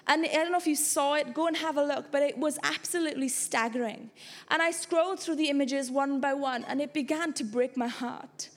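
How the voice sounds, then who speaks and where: A woman's voice: sits high, fairly quick. A woman pastor, preaching an earnest sermon to her church that builds to impassioned exhortation. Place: church hall.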